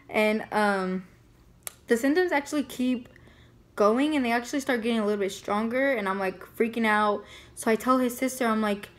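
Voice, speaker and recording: A woman's voice: fairly high pitch, normal speed. A young woman casually telling a personal story, chatty and full of fillers. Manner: chatty, many fillers like "like" and "you know". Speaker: family vlogger.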